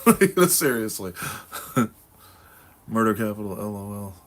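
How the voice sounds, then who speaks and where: A man's voice: on the low side, big pitch swings, takes it slowly. A man from New England hosting a casual livestream, chatting with viewers in a laid-back, profane, rambling way with lots of fillers and laughter. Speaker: livestream host. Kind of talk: casual livestream chat answering viewer comments.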